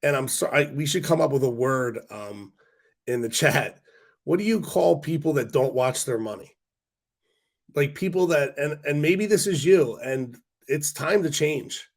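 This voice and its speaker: A man hosting a casual stock market livestream, talking bluntly in a rant with quick asides to his viewers; his voice is hoarse and congested. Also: on the high side, animated. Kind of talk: casual livestream talk to chat.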